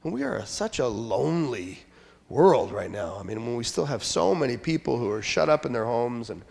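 A man preaching a sermon as pastor, talking conversationally and joking, then dropping into quiet asides. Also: mid-range voice, big pitch swings, normal speed, vocal fry. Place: church sanctuary. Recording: long church hall reverb.

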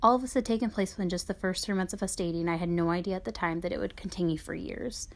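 A woman reading her own memoir aloud in a soft, subdued voice that sometimes drops to a near whisper. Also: lowish voice, fairly even intonation, quick pace, creaky.

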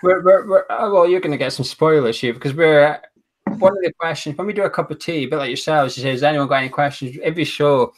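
A man's voice: fairly high pitch, fast. Scottish man telling a rambling story. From Aberdeen, Scotland. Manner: rambling, friendly storytelling with fillers. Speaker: guest, co-host of a fan show. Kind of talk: casual chat.

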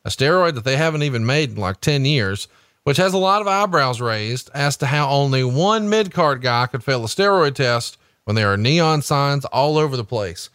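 Mid-pitched man pressing interview questions. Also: animated, normal speed, a bit bright, no echo, studio quality. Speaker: podcast host.

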